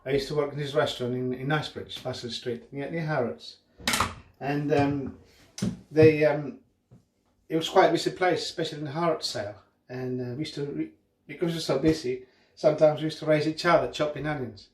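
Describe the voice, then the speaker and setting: A man's voice: on the high side, fairly even intonation, brisk. Chatty middle-aged man in an echoey kitchen. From northwest Spain. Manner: chatty, rambling, frequent fillers and tag questions. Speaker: cooking show host. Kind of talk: casual cooking demonstration. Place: home kitchen. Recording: echoey kitchen with cooking noise.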